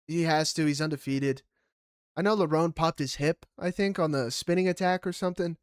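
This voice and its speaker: Animated, swearing man recapping fights. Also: fairly high pitch, no room sound, clean studio sound. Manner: animated, swears freely, laughs loudly. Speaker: podcast co-host. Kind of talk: casual MMA fight recap.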